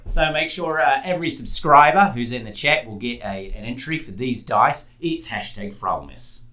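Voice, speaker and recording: A man making announcements at a group gaming stream in a lively, jokey way. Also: medium pitch, moderate pace, few pauses. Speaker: cast member making announcements. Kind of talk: casual banter and announcements. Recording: echoey room.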